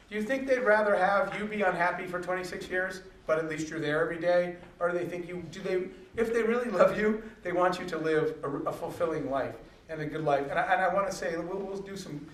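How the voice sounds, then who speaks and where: A high-pitched man tells a motivational story to a live audience, acting out the quoted dialogue in it. His voice comes from some distance off the mic and rings around an echoey hall. A faint noise hums underneath. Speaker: speaker.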